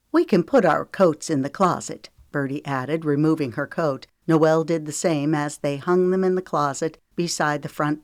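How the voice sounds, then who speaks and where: A woman narrating a romance audiobook in a calm, measured way. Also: deep voice, no echo, clean studio sound. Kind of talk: scripted narration.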